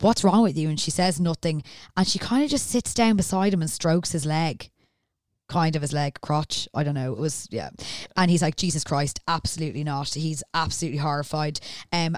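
Woman, podcast host, deep clear voice, dry close mic, chatty recap. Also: dry recording. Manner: chatty storyteller, acts out characters' lines. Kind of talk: casual chat.

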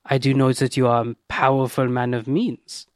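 A man voicing a scheming, smooth-talking male adventurer who persuades with flowery words. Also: medium pitch, little pitch movement, moderate pace, a little mellow, no echo, clean studio sound, natural voice. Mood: persuasive.

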